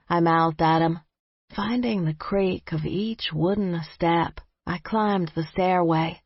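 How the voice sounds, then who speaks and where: Unhurried husky woman narrating. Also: lowish voice, steady tone, no room sound, highs cut off. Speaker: audiobook narrator. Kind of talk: scripted first-person narration.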